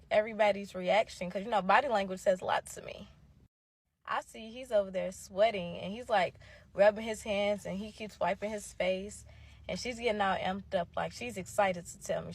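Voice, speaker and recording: A young woman vlogger casually telling a dramatic personal story to her viewers, emphatic and lively. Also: mid-range voice, creaky, breathy edge. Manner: animated, emphatic, addresses viewers as y'all.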